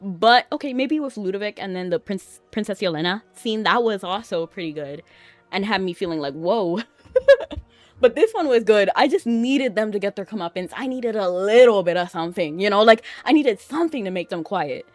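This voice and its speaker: A woman streaming a game, chatting excitably and laughing often as she reacts to it. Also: medium pitch, fairly quick, no echo, faint music behind. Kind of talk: casual gameplay commentary.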